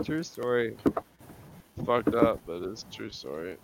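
A man's voice: lowish voice, slow pace, creaky, very noisy. A man calling into a live stream, chatting crudely and telling a rowdy, profane story. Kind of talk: crude casual chat.

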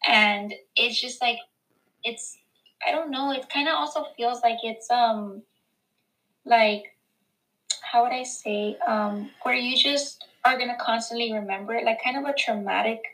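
A young woman guest in a casual chat, talking in an emotional, halting way with many fillers. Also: a little high, fairly bright tone, rough recording. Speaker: podcast guest.

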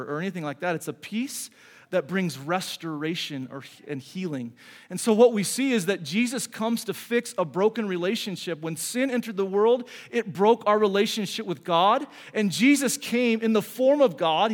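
The sound of a big room surrounds a middle-aged pastor as he preaches in a high-pitched voice. His tone is earnest and conversational, though he keeps restarting what he's saying.

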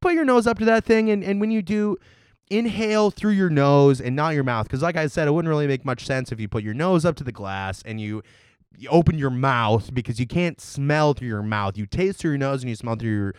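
A man co-hosting a comedic beer review podcast, rambling in deadpan jokes. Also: mid-range voice, fairly quick, clean tone, no room sound, studio quality. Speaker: podcast co-host.

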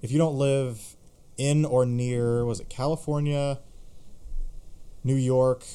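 A man's voice: mid-range voice, fairly even intonation, slow, dark tone, clean tone. A man co-hosting a gaming podcast in a loose, joking way, swearing casually. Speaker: podcast co-host.

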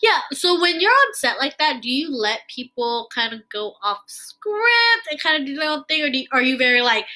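A young woman hosting a casual chat, talkative and quick to laugh, with many fillers. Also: high voice, very animated, pushed and bright, low-quality recording. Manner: chatty, filler-heavy, laughs easily. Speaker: podcast host. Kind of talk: casual conversation.

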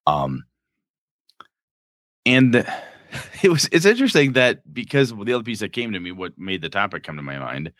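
Podcast co-host, male, very low and bright voice, dry close sound, rambling casual talk. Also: very animated, moderate pace, pauses often, dry recording. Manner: rambling, thinks aloud with restarts. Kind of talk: casual chat about role-playing games.

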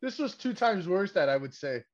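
Profane, excitable podcast host, lo-fi. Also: male voice, high-pitched, normal speed. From Canada. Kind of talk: casual wrestling podcast chat.

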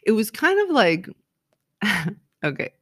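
Woman in her 40s rambling on her podcast, animated, says like a lot, middle pitch. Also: slow, husky. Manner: rambling, animated, full of "like" and "right?". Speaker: podcast host. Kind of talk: casual solo podcast monologue.

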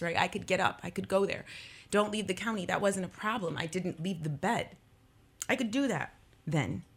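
In a radio studio, an attorney in her thirties gives an emotional interview, speaking with impassioned emphasis and repeating phrases for force. Her voice is on the low side, with vocal fry and a breathy edge.

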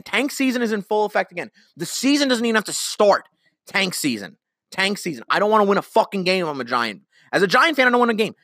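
A man's voice: sits high, fairly bright tone, breathy edge, dry recording, clean studio sound. A young man hosting a sports podcast, ranting heatedly about his team, swearing and repeating himself. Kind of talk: solo sports rant.

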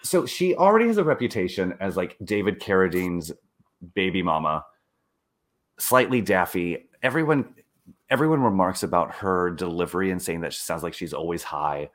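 A man co-hosting a casual chat, telling a story with animated delivery and acted-out quotes. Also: moderate pace. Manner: animated, acts out quotes with swooping pitch. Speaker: podcast co-host.

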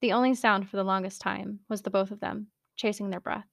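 Woman softly narrating a story. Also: mid-range voice, fairly even intonation, brisk, vocal fry, dry recording, studio quality.

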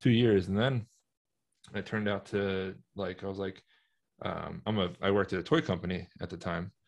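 Man, north jersey accent, very deep voice, easygoing podcast guest. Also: fairly even intonation, normal speed, gravelly. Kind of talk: casual chat.

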